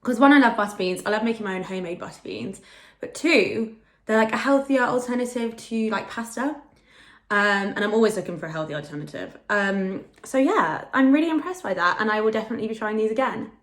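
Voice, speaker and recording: Young woman food vlogger, chatty, self-deprecating, relaxed vlog chat, recorded in a roomy echoey kitchen. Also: mid-range voice, a little fast. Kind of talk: casual vlog chat to camera. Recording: echoey home room.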